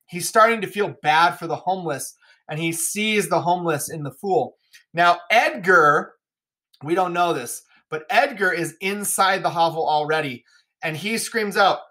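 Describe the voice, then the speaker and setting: A woman's voice: fairly low pitch, animated, moderate pace, a bit bright. A woman teacher explaining a scene of a play in a casual, chatty way with jokey asides.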